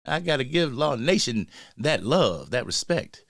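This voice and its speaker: A man's voice: mid-range voice, big pitch swings, unhurried, vocal fry, no echo, studio quality. Hyped man hosting a fan livestream. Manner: hyped, shout-outs to chat, frequent slang. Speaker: sports fan livestream host. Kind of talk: casual livestream chat.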